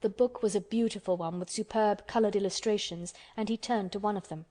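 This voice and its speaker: A woman with a mid-range voice narrates an audiobook, reading her scripted text in a steady, measured way.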